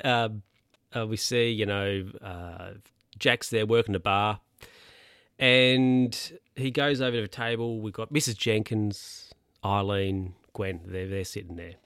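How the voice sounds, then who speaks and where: A podcast recapper casually goes over a story, rambling and hesitant with lots of fillers and restarts. His voice is on the low side with a sharp, clean tone, recorded dry with clean studio sound on a handheld or desk mic that gets bumped by hand.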